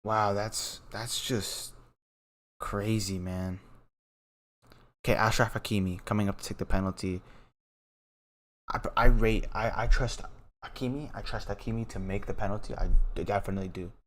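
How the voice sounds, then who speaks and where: A young man with a fairly low voice talks through a penalty shootout as a casual live watch-along. He stumbles, repeats words, and swings between hyped shouts and hushed awe. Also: fairly quick. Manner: excitable, repeats himself, trails off into quiet awe. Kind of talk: casual live reaction commentary.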